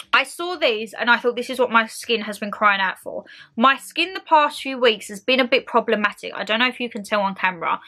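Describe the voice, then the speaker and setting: A young woman haul vlogger chats casually to camera about her product haul, calling her viewers her lovelies. Her voice is fairly high, pushed and bright.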